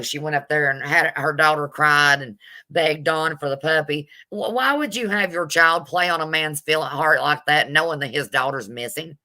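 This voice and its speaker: A woman streaming her casual commentary on a video, blunt, sassy and quick to swear. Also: low-pitched, pushed and bright.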